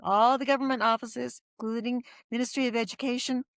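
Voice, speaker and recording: A woman's voice: a little high, fairly quick, no room sound, studio quality. A middle-aged woman telling her story as a podcast guest, acting out the voices of people she quotes. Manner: lively storyteller who acts out quoted voices.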